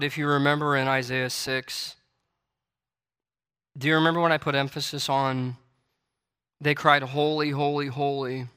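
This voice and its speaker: A man's voice: a little high, sharp tone, clean tone. A male preacher delivering a sermon in church, reading scripture and building to emphatic, repeated declarations. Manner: preaching with rising intensity and emphatic repetition; reads scripture aloud in King James wording. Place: church sanctuary. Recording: long hall reverb.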